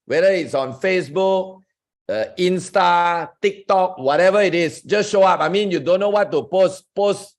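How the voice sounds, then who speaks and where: A man with a slightly raised pitch coaching over a video call. He speaks in an emphatic, motivational way, cheering his listeners on and asking them direct questions. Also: normal speed. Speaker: network marketing coach hosting a Zoom session. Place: online Zoom group call.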